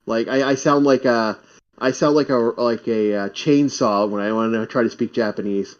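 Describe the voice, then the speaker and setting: In slightly muffled audio, a chatty man from Canada talks at normal speed in a mid-range voice. It's an animated, casual conversation in which he frequently repeats himself.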